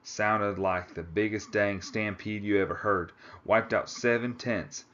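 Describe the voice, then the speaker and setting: A man reading aloud, voicing a gruff cowboy climber with a put-on Texas accent and a slow, folksy drawl. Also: fairly low pitch, steady tone, fairly bright tone, highs cut off, slight background noise. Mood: weary.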